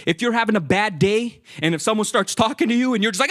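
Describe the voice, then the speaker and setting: A young man giving a lively, casual sermon, acting out voices and joking with the listeners. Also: high-pitched, fast talker. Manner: animated, acts out quoted voices, jokes with listeners. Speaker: youth speaker.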